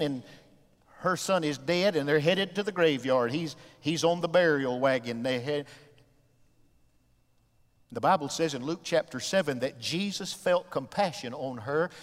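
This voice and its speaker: A middle-aged man from the American South preaching a sermon as pastor, moving between soft, tender asides and loud shouted climaxes. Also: fairly high pitch. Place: church sanctuary. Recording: long reverb of a church sanctuary.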